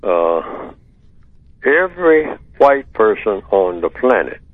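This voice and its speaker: A man speaks down a dry, tinny telephone line. His voice swings widely in pitch as he builds his argument step by step and keeps posing rhetorical questions. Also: very animated, dry recording. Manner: emphatic, deliberate, asks rhetorical questions. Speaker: radio guest answering a listener question. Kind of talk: call-in radio explanation.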